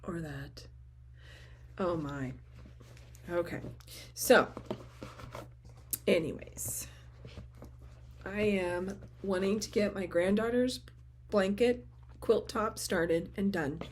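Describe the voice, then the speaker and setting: Slow-talking grandma crafter gushing over a quilt kit, faint hum in the room. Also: female voice, medium pitch. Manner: gushing, excitable, quotes herself and friends. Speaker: craft vlogger. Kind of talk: casual show-and-tell chat.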